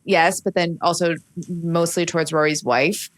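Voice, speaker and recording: An American woman co-hosting a relaxed podcast, telling stories in a chatty way and laughing easily. Her voice sits a little low and sounds dry and close to the mic. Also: normal speed, dry recording. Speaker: podcast co-host. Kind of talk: casual chat.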